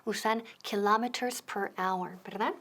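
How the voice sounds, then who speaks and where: A woman from the United States hosting a TV English lesson, clear and deliberate, slowing down for examples. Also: medium pitch, fairly even intonation, a bit bright. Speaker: English teacher, host.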